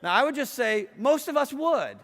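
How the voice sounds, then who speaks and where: A middle-aged man giving a lively talk to students, chatty and playful, asking the audience questions and telling stories. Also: extremely high pitch, moderate pace. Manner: conversational and playful, asks the audience questions, acts out quotes. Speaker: speaker addressing students. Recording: long hall reverb.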